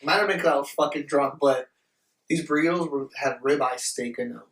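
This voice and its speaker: A young podcast host with a slightly high voice tells a rowdy, profane story fairly fast, acting out and quoting the people in it with lots of animation. He's recorded from a distance, off-mic in an echoey room.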